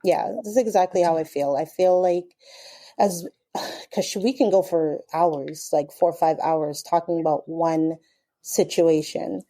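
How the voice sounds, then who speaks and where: A middle-aged woman talks earnestly as a podcast guest, pausing and restarting as she reflects. Her voice is low and warm, with a mellow tone. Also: fairly even intonation. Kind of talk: casual chat.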